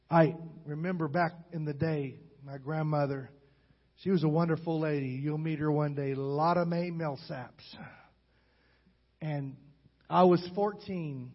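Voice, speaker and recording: A man preaching a sermon, swinging between loud, rising calls and soft, low storytelling. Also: fairly even intonation, unhurried. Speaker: pastor. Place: large church hall. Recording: muffled sound with long hall reverb.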